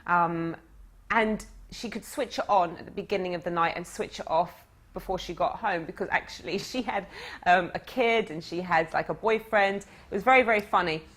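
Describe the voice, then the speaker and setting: A woman coaching her audience through a lively story, talking in an animated, conversational way. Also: on the low side, moderate pace. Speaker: dating coach. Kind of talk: storytelling lesson.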